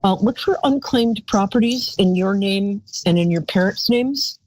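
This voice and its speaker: A woman hosts a live call-in psychic show, chatting and rambling and calling her callers "darling." Her voice is medium-pitched and a little mellow, her pace moderate, and the low-quality recording has no echo.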